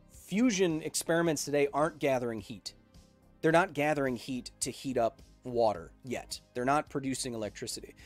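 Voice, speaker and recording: A man in his thirties hosting a live stream, reading chat questions aloud and explaining science in an energetic way. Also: medium pitch. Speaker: host.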